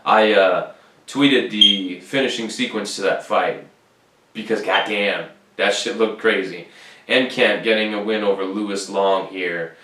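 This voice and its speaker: A man's voice: on the low side, steady tone, a little slow, sharp tone, slight background noise. A man hosting a casual solo podcast recap, talking in a loose, rambling, profane way. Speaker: podcast host. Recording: roomy sound, distant from the mic.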